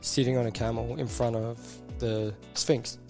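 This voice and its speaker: Gravelly man telling war stories. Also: medium pitch, moderate pace, over music. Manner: animated storyteller acting out quoted voices, swears freely. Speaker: podcast guest, army veteran. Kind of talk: casual storytelling interview.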